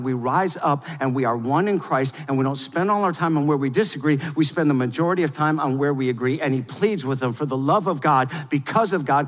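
A man preaching a sermon as pastor, swinging between loud, fervent exhortation and quiet, intimate confession. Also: a little high, long reverb tail.

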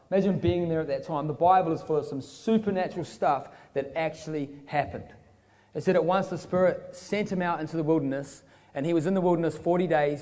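A man's voice: a little high, mellow. A young man from New Zealand with a New Zealand accent, preaching a sermon with casual storytelling and joking asides. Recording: long hall reverb.

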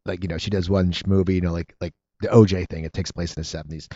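A man hosts an interview, racing through rambling stories and eager questions. His voice sits on the lower side, recorded dry and close. The sound is slightly dull and muffled. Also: level tone, quick pace, warm tone, no room sound. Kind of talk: casual interview chat.

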